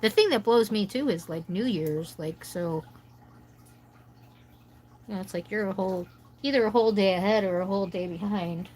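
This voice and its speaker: A woman from the States chats through a relaxed coloring livestream, wandering from one thought to the next as she talks to her viewers. Her voice sits at a middle pitch, and a faint hiss hangs behind it. She sometimes drifts a little off the mic. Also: moderate pace, long pauses, rough recording. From United States. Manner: rambling, chatty, talks to viewers' comments. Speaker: livestream host. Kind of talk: casual chat while coloring.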